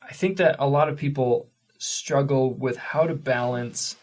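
A man interviewing a guest, asking long, measured questions. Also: mid-range voice. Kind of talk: conversational interview.

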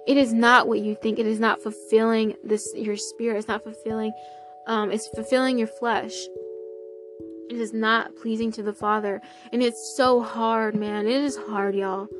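A woman with a slightly high voice hosts a casual devotional podcast, reading scripture aloud in an excitable, effusive way and scattering hallelujahs throughout.

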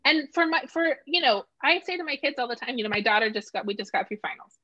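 A woman's voice: high voice, fast talker, no room sound. A middle-aged woman in casual conversation, talking animatedly and acting out quoted voices. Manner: animated, acts out voices when quoting. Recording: dull lo-fi sound.

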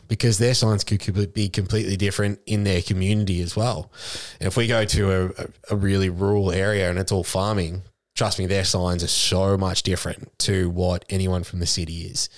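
An Australian man with a low, deep voice talks in a relaxed podcast chat, slipping into little acted-out voices as he tells stories. He swears casually, and the sound is dry and close with no room echo. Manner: storytelling, acts out quoted voices, casual swearing. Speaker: charity CEO and mental health educator.

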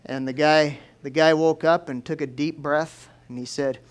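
A man preaching a sermon in a folksy, lively storytelling way. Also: a little high, moderate pace, clean tone.

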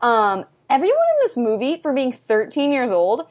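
Young female co-host, high-pitched, animated and laugh-prone, casual movie-recap chat. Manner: animated, laughing often, quick asides. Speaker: podcast co-host.

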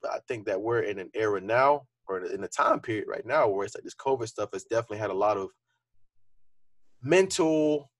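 A young adult man co-hosting a podcast talks earnestly and reflectively in casual, filler-heavy conversation. His fairly low voice is animated and fairly quick, with no echo.

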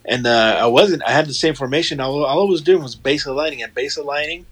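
A man's voice: fairly high pitch, quick pace, fairly bright tone, slightly rough. A man in casual chat, telling a rambling, profane story and quoting what others said.

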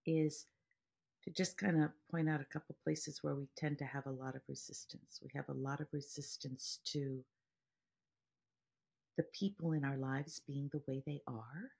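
A woman's voice: sits low, fairly even intonation, normal speed, gravelly, darkish tone, slightly rough. A woman meditation teacher speaking to podcast listeners in an earnest way, explaining ideas through everyday examples and stories.

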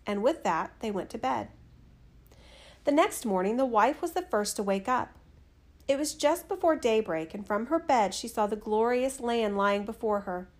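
A woman narrating a fairy tale in a steady, expressive reading. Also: fairly high pitch, normal speed. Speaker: storyteller.

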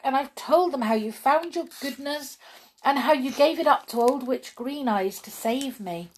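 A woman voicing an excited little girl fairy princess, chattering breathlessly in a storybook reading. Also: fairly high pitch, pitched above the performer's own voice.

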